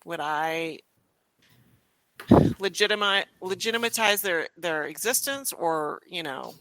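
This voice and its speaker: A young adult woman chatting as a podcast guest and telling stories in a lively way, with lots of restarts and "you know.". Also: on the low side, slow, no room sound, poor audio. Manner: animated storyteller, frequent restarts and "you know". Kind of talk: casual conversation.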